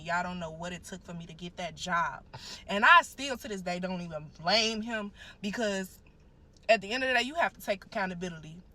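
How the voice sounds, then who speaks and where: A woman's voice: lowish voice, pushed and bright, a little hiss or hum. A young woman animatedly telling a personal story in casual, profane speech, often calling out to listeners as y'all. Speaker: guest telling her story. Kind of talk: emotional storytelling.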